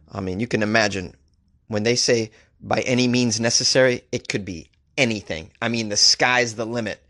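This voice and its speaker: A man's voice: mid-range voice, a bit bright. A man hosting a comedy podcast, reading odd news stories aloud and riffing on them sarcastically, laughing at his own jokes. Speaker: podcast host. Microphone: studio microphone.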